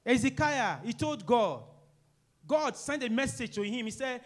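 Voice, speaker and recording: A middle-aged man preaching a sermon, swinging between loud emphatic rises and quiet, low asides. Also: animated, unhurried. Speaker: pastor.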